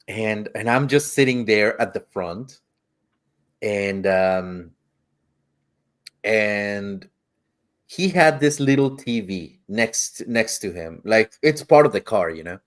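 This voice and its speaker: A man's voice: on the low side, lively intonation, slow. A man co-hosting a podcast, telling a travel story in casual chat, rambling, swearing freely and acting out the quotes. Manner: acts out quotes in shifting voices. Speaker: podcast co-host.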